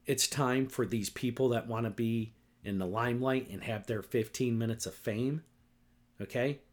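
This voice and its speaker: Speaking at normal speed in a mid-range voice, a middle-aged man rants with anger and lots of profanity on his solo podcast. He's repetitive and keeps asking "right?" and "okay?"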